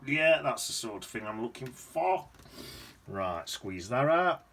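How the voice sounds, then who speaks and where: A man's voice: medium pitch, sing-song, measured pace, fairly bright tone, breathy edge. A man teaching watercolour painting in a chatty, rambling way, humming to himself as he paints. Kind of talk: casual painting demonstration.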